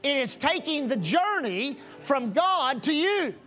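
A man's voice: very high-pitched, very animated, slow, pushed and bright, faint music behind. A man preaching a sermon as pastor, repeating phrases in a rhythmic cadence for emphasis.

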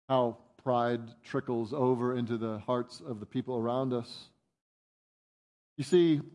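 An animated pastor preaches a sermon, jumping up in pitch to voice the disciples' protests and dropping to a soft tone for reflective points.

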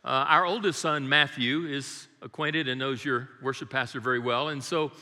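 A man's voice: medium pitch, fairly even intonation, normal speed, sharp tone. Older man preaching in a reverberant hall. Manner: folksy, humorous storytelling. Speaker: guest preacher. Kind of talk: sermon with prayer and storytelling. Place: church sanctuary. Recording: long reverb of a large hall.

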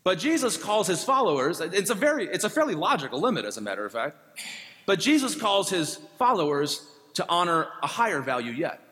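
A man preaching a sermon in a conversational, gently humorous way. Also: high voice, very animated, brisk. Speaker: pastor. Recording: long reverb.

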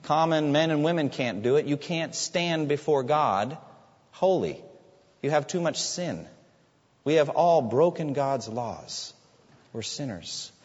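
A man delivers a sermon from the pulpit, his voice swinging widely in pitch as he drives home each point. He pauses for effect and throws questions at the congregation. The sound is dull and carries a long reverb, as if from a large church. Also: animated, a little mellow. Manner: emphatic preaching with dramatic pauses and rhetorical questions. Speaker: pastor.

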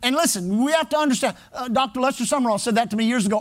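A man's voice: very high-pitched, racing. A man preaching a sermon as pastor, driving his points home with emphatic repetition.

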